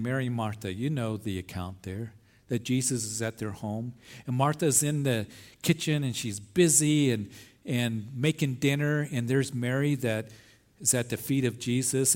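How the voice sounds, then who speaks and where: A man's voice: mid-range voice, darkish tone. A middle-aged man preaching a sermon as pastor at an outdoor service, earnest and emphatic, with rising phrases.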